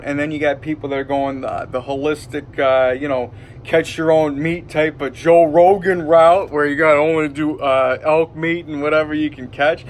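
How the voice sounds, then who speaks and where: A man's voice: fairly high pitch, slight background noise. A man with a Detroit accent rambling in a loose, hyped-up vlog monologue from home, full of fillers. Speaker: vlogger. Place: indoors at home.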